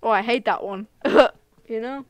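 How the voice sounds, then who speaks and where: A woman streams a game live, laughing often and chatting to her viewers in slangy, excitable bursts. Her voice sits on the higher side and comes across smooth and clear. She talks at an unhurried, drawn-out pace, and the sound is close and dry. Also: dry recording. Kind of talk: casual live gameplay commentary.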